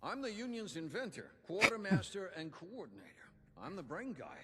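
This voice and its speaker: An actor voicing a gruff older man who is a union inventor and quartermaster, speaking in a folksy, theatrical way. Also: high voice, big pitch swings, moderate pace, long reverb tail, crowd noise. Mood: earnest. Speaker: game character giving quest dialogue.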